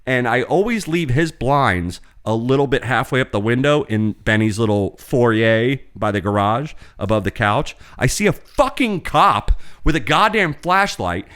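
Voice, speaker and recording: A man co-hosting a podcast, telling a long, profane, animated story in casual chat. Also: medium pitch, measured pace, hardly any pauses, clean tone. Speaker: podcast co-host.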